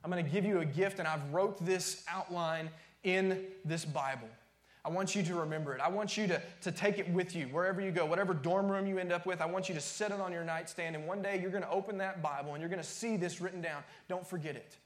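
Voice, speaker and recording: Male pastor, high pitch, emphatic repetitive sermon delivery, roomy echo. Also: fast. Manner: emphatic preaching, repeats phrases, drops to near-whispers.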